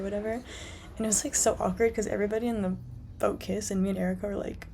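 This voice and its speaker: A woman's voice: medium pitch, fairly even intonation, a little fast, dark tone, slight background noise. A young woman telling a travel story as a voice-over, chatty and full of fillers. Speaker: travel vlogger.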